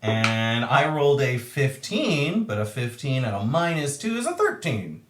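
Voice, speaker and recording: A man narrating a tabletop game as game master, acting out sounds with animated energy. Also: medium pitch, a little slow, roomy sound, noisy background.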